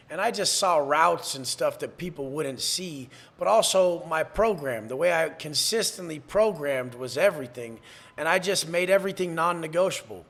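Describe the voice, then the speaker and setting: A man's voice: a little high, a bit bright. A man from San Diego, a podcast guest, talking bluntly with heavy swearing and acting out the exchanges he quotes. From San Diego, USA. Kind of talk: podcast interview.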